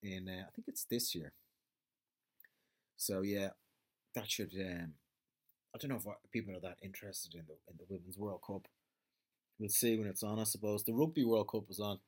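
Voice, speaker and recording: A man's voice: lowish voice, moderate pace, pauses often, darkish tone. Sweary rambling Irish man. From Ireland. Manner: rambling, sweary, ranting, trails off searching for words. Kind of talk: casual monologue.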